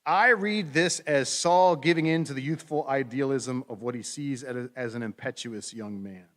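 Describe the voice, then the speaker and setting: A middle-aged man preaching a sermon as pastor, in a conversational, animated storytelling manner with playful asides. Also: medium pitch, moderate pace.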